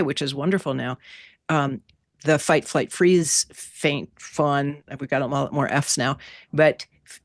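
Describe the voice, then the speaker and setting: A woman teaching an online workshop class over a video call, in an animated, playful way that repeats key words. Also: sits low, dry recording, studio quality.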